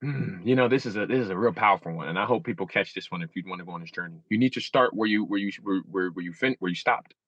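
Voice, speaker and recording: A man's voice: fast, few pauses, dry recording, dull audio. A man in his thirties, a guest in a candid interview, talking animatedly and acting out his own inner dialogue. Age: 30s. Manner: animated, acts out inner dialogue with shifting pitch.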